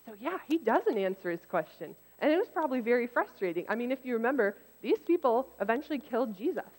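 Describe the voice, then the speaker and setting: A woman giving a casual, conversational sermon, turning lively when she acts out what others said. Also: fairly high pitch, fast talker. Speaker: preacher. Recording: long reverb in a hall.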